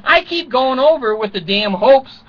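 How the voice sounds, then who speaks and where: Older man, comic rambling vlog monologue, frequent chuckles, bright edgy tone, dull lo-fi sound. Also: very high-pitched, lively intonation, moderate pace. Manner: chuckles often, crude self-mocking jokes. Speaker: vlogger. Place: small closet at home.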